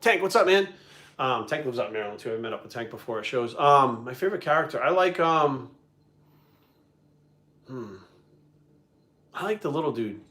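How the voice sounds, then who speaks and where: A man telling a story in casual chat, animated and full of swearing. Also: medium pitch, normal speed, pauses often. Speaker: video creator and host. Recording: echoey room.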